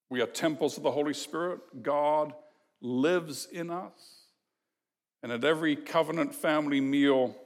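A pastor preaches an expository sermon, teaching in an emphatic, measured way and putting rhetorical questions to the congregation. His pitch is fairly high, and the recording carries the long reverb of a large hall.

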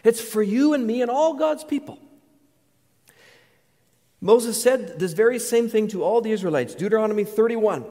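A man's voice: high-pitched, animated, moderate pace, dark tone. A male pastor preaching a sermon, earnest and building to emphatic declarations. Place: church sanctuary. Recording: reverberant church hall.

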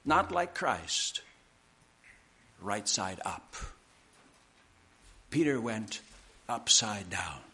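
A man preaching a sermon, slow and emphatic, with deliberate pauses. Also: fairly low pitch, big pitch swings, pushed and bright. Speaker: pastor.

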